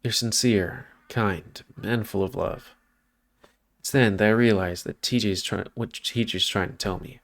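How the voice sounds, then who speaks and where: A man's voice: lowish voice, steady tone, unhurried. A man reading a visual novel aloud as a let's play, stumbling and correcting himself now and then, with off-script asides. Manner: reads narration with stumbles and self-corrections, breaks off for asides.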